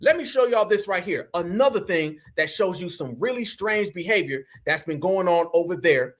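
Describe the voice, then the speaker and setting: A man's voice: sits high, expressive, normal speed. A man from Ohio with an Ohio accent, hosting a livestream and preaching to viewers he calls family. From Ohio, USA. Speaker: channel host. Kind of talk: livestream commentary.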